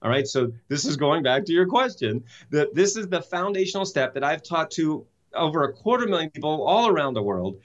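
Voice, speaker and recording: Man, fairly high voice, enthusiastic, emphatic, interview guest storytelling, muffled audio. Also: fairly quick. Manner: animated, enthusiastic, emphatic, uses rhetorical questions. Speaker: guest, self-help author and speaker.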